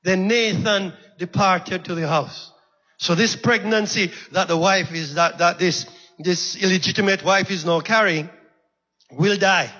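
A man's voice: sits high, a little slow, pushed and bright, big-room sound, muffled recording. A man preaching a sermon in a church, impassioned, repeating phrases and calling out to the congregation.

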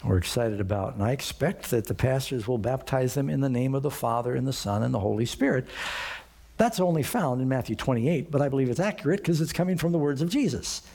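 A man's voice: mid-range voice, animated, fairly quick, vocal fry, warm tone. A man preaching a sermon in a conversational way, often asking the congregation rhetorical questions. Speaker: pastor.

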